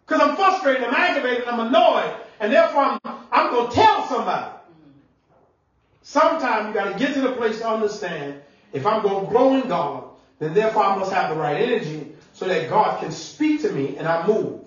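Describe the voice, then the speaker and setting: A man preaching a sermon as pastor, animated and conversational, sometimes shouting and laughing. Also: sits high, a little fast. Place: church sanctuary. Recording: echoey church room, mic at distance, dull sound.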